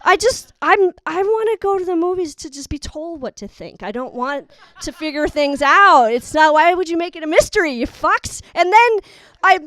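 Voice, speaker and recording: A woman's voice: very high-pitched, expressive, moderate pace, hardly any pauses, fairly bright tone. A young woman doing a rambling, exasperated, self-mocking stand-up set. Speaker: stand-up comic. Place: live studio audience.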